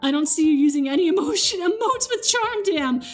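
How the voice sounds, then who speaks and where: A woman's voice: extremely high pitch, animated, fairly quick, faint music behind. A young woman streamer chatting casually, reading chat aloud and telling a story with acted-out quotes and frequent laughter.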